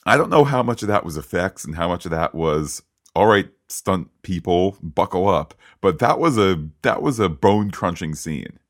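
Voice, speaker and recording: A man co-hosting a podcast, recapping a TV episode in casual, animated chat with frequent restarts and asides. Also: low-pitched, normal speed, hardly any pauses, no room sound, clean studio sound. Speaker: podcast co-host.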